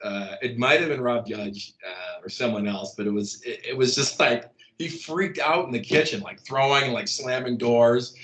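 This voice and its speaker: A man tells a long story in a loose, rambling way, full of "like" and false starts. His voice is bright and forward, at a middle pitch. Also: moderate pace, few pauses. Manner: rambling, lots of "like" and restarts, laughs at his own story. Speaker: interview guest, copywriter. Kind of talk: casual storytelling in an interview.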